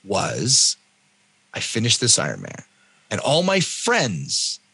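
A Canadian man in his fifties telling his own story in an interview with animated delivery, often acting out the voices of other people. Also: lowish voice, takes it slowly, gravelly, husky, no echo. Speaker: guest, endurance athlete and coach.

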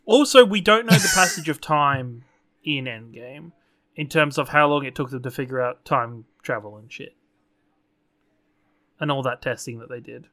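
A man co-hosting a casual podcast chat, animated and casually swearing. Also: medium pitch, normal speed. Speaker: podcast co-host.

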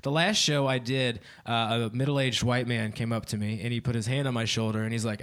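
A man's voice: medium pitch, brisk, hardly any pauses, a bit bright. A man in his twenties doing a stand-up set on a club stage, often laughing at his own jokes. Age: 20s. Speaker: stand-up comedian.

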